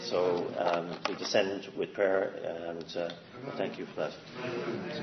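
A man giving an informal sermon, halting, with many fillers and restarts as he speaks. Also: low voice, little pitch movement, reverberant, noisy background. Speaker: lay preacher. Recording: dull lo-fi sound with faint ambience.

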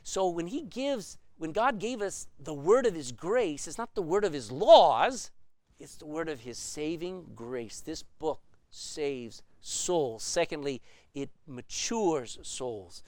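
A man's voice: a little high, lively intonation, slow, darkish tone, no echo. A man preaching a sermon as pastor, emphatic and full of rhetorical questions.

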